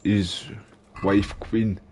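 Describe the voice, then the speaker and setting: A man's voice: fairly low pitch, fairly even intonation, extremely slow, darkish tone, a little hiss or hum. A Scottish man chatting casually to viewers while live streaming a game, laid back and swearing freely.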